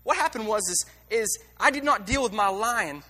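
A man's voice: high-pitched, expressive, moderate pace, pushed and bright, big-room sound. A man preaching a sermon in a blunt, candid and emotional way, with many restarts and repeated words.

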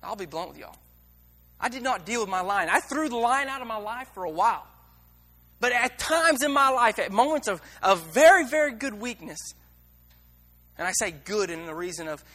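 A man's voice: high-pitched, bright, forceful tone, in a large hall. A man preaching a sermon in a blunt, candid and emotional way, with many restarts and repeated words.

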